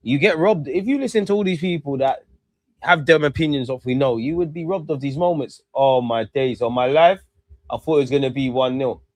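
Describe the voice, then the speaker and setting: A young man giving excitable live commentary on a match, calling out to players and the referee and swearing. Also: mid-range voice, brisk, no room sound. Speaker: football fan streamer.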